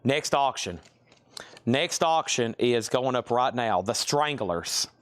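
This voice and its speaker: A man's voice: medium pitch, lively intonation, slow, clean tone, dry recording. Guy running a live record sale stream, talks loose and chatty, mid voice, dry close sound. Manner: chatty, rambling asides between sales. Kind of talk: casual live-stream selling.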